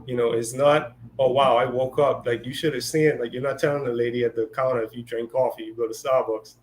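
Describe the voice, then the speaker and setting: A man's voice: medium pitch, level tone, fast talker, slight background noise. A man co-hosting a casual spiritual discussion, talking loosely with lots of fillers and acted-out quotes. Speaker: co-host.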